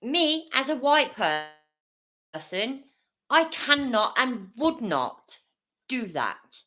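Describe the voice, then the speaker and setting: A woman's voice: fairly high pitch, big pitch swings, slow pace, pushed and bright. A woman hosting a live stream, reacting to a video with blunt, sarcastic commentary and plenty of swearing. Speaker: livestream host reacting to a video.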